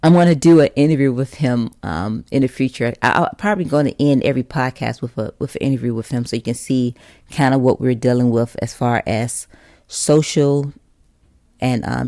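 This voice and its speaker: A woman's voice: extremely low pitch, warm tone, no echo. Chatty woman podcast host, dry sound. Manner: chatty and direct, addresses listeners as you guys. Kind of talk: casual podcast talk.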